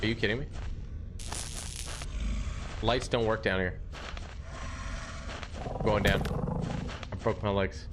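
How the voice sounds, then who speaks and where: A young man giving excitable live commentary while playing a video game, yelping when startled. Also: fairly low pitch, slow, pauses often. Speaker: gaming streamer. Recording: loud game noise behind voice. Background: game sound effects.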